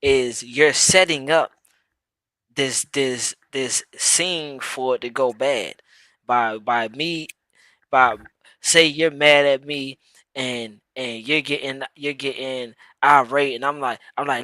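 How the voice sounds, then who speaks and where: A man talking on a casual live stream, his voice bright and forceful. He speaks in slang and circles back over his words as he works toward a point. The sound is dry and close, with no room echo. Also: mid-range voice, fairly even intonation, takes it slowly. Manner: repeats words while building a point, slangy. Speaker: podcast co-host.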